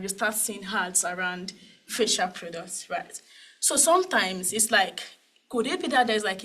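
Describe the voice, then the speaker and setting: A woman's voice: mid-range voice, a bit bright, poor audio. A woman with a Nigerian accent speaks at a conference panel in a mid-range voice. She talks casually, with plenty of "right?" and "um" as she explains her points. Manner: conversational, many tag questions and fillers. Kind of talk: conference talk.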